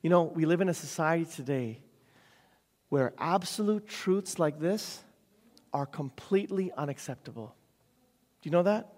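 A man preaches a sermon in a high, light voice for a man. He drives his points home with rhetorical questions and repeated phrases, checking in with "right?" again and again. His voice rings with a long reverb, as if it fills a large church sanctuary. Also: animated, moderate pace, pauses often, a little mellow. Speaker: pastor.

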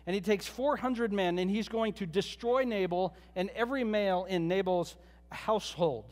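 A pastor preaching a sermon, retelling a Bible story in a conversational way with joking asides. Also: male voice, sits high, moderate pace, long reverb tail.

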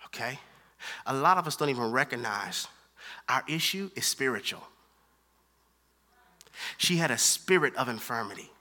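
A man preaching a sermon, animated, moving from hushed asides to loud emphatic lines and using casual slang. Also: mid-range voice, moderate pace, pauses often.

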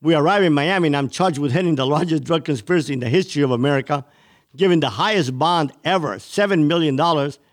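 Intense storytelling man, fairly high voice. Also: quick pace. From Cuba. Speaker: interview guest. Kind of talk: storytelling interview.

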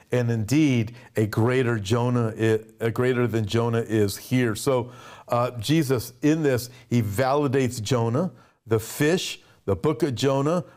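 A man preaching a conversational sermon, animated and acting out little quoted exchanges. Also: medium pitch. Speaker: pastor.

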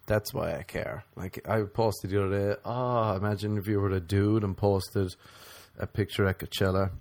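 A man ranting in a comedic monologue, sarcastic and profane, mocking people in high squeaky put-on voices. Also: steady tone, moderate pace, a little mellow.

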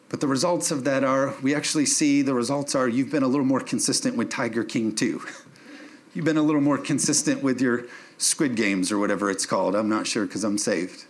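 Pastor preaching with emphatic calls. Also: male voice, medium pitch, fairly quick. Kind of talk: sermon. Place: church.

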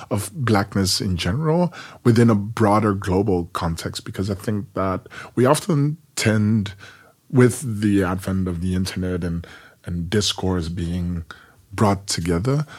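Male interviewer from the Netherlands; very deep, husky; halting, reflective. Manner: reflective, halting, with many repeats. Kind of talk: interview conversation.

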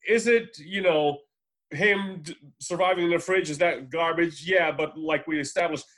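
A man with a somewhat higher voice talks loosely and rambles, stacking up fillers and restarts as he goes. He swears freely and keeps it casual. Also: moderate pace, fairly bright tone. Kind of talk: casual chat.

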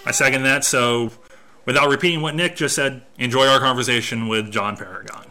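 A man co-hosting a podcast who introduces and interviews a guest in a relaxed way at a busy convention. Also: mid-range voice, a little fast. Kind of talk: casual interview. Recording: noisy convention floor.

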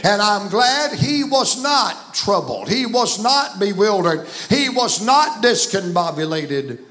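A man's voice: high-pitched, sing-song, slow pace, a bit bright. A man with a Southern American accent preaching a folksy, emphatic sermon in a church. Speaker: guest preacher. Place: church sanctuary.

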